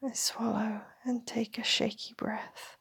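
A woman reads a first-person story as a whispered role-play, her voice breathy and edged with gravel. She speaks slowly, in a fairly high and flat tone. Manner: slow, intimate first-person narration.

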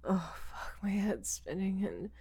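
A woman's voice: mid-range voice, sing-song, a little slow, gravelly, mellow, breathy edge, pitched below the performer's own voice, full character voice. A woman voicing a frightened, drugged young captive who pleads and swears in panic. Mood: pleading.

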